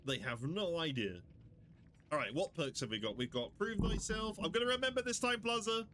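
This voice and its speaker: A British man streaming a game, chatting casually and joking, often jumping up into high squeals. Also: expressive, normal speed, background noise. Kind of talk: casual gameplay commentary.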